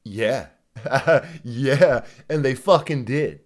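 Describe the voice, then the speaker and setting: A man's voice: medium pitch, very slow. A man hosting a reaction video, ranting heatedly and sarcastically with constant swearing and mocking asides. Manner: mimics others in exaggerated voices. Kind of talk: profane ranting commentary.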